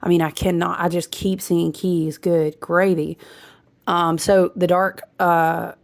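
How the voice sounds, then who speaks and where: Woman, low and creaky, rambling intuitive astrology reader. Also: level tone, slow pace. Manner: rambling, intuitive, with laughs and asides. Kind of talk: spiritual astrology talk.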